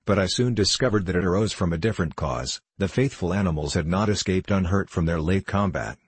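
A man narrating an old adventure novel in the first person, unhurried and measured. His voice is very low and a little husky. The recording is dry and close, with no room echo. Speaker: audiobook narrator. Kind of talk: audiobook narration.

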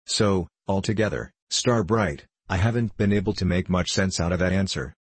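A man voices a kindly, meek and fond old sea captain from a storybook, drawling rustically and dropping his word endings. His voice is very low and slightly husky, at normal speed, recorded dry and close with no room sound.

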